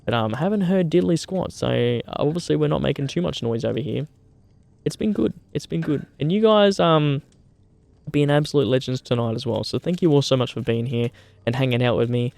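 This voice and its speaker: A young Australian man streams outdoors by a campfire, chatting with viewers in a laid-back, matey way, swearing a lot and calling people mate. His mid-range voice is fairly quick, with vocal fry and a darkish tone, in a dry recording.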